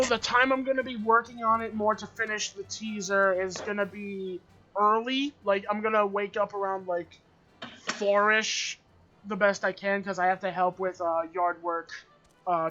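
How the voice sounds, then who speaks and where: A young man hosts a live stream, bantering with friends in a teasing, animated way and leaning on lots of fillers. His voice has a bright, forward edge. The mic sounds slightly muffled, with a faint hiss underneath. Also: sits high, moderate pace. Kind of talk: casual chat among friends.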